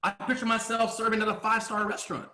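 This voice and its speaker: Speaking quickly, a business coach delivers a motivational talk in a high, bright voice described as swinging widely in pitch yet also showing little pitch movement. Rhetorical questions drive his points, he stops at times to clear his throat, and echo fills the room.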